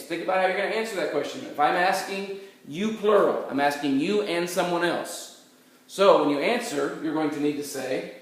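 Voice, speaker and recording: A man teaching a recorded Spanish grammar lecture, patiently explaining step by step and slowly modelling phrases. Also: a little high. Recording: very echoey room, mic far off, faint noise.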